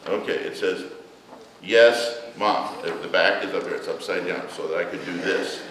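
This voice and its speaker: A man's voice: sits low, steady tone, moderate pace. Man telling children a story in an echoey church. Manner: gentle storytelling to children, asking questions. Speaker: church children's message leader. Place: large church hall. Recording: echoey hall, mic far off, room noise.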